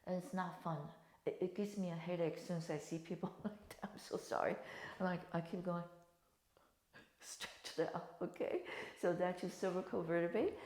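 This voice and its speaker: A woman's voice: on the low side, dark tone. A woman wellness instructor leading a guided stretching class, calling out breath cues and checking in with "right?". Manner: chatty coaching with breath cues and frequent "right?". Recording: roomy echo.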